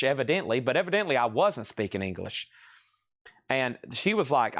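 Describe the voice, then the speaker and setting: A man from the American South with a clear Southern accent hosts a live record sale. His voice sits in a middle range, and he rambles and chats casually, laughing often between his asides. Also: medium pitch, lively intonation, brisk, a bit bright. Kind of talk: casual live-stream selling chat.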